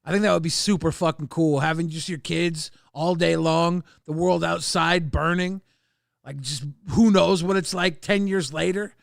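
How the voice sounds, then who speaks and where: A man's voice: a little high, fairly even intonation, normal speed, creaky, dry recording, clean studio sound. A man co-hosting a stream in casual chat, crude and joking, rambling between topics. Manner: bursts into loud ranting. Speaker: co-host of a commentary stream.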